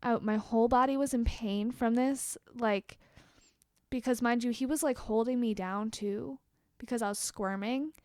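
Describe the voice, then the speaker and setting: A young woman vlogger telling a storytime rant to the camera, candid and expressive, swearing freely and tossing quick asides to her viewers. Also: a little high, dry recording, clean studio sound.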